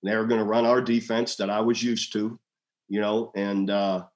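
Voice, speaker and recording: A man's voice: on the low side, moderate pace. A man in his sixties, a former head coach, telling stories in a casual interview and acting out quoted dialogue. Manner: animated storyteller, acts out quoted dialogue in a raised voice.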